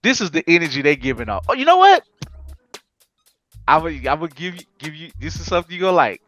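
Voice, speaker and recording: Guy hosting an anime podcast, kinda high voice, laughing a lot, slangy and hyped, faint music behind. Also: fast. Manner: animated, laughing, slangy storytelling. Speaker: podcast host. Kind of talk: casual anime chat.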